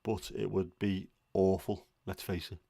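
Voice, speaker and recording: A man with a lilt talks in a fairly low voice, chatting his way through a relaxed livestream. He rambles a little and is openly opinionated, and he often pauses with an "um." The sound is close and dry, with no room echo. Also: vocal fry. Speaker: livestream host. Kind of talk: casual livestream chat.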